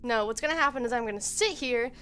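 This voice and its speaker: A young woman streamer giving quiet, nervous, rambling let's-play commentary at home into a headset mic. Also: on the high side, quick pace, clean tone.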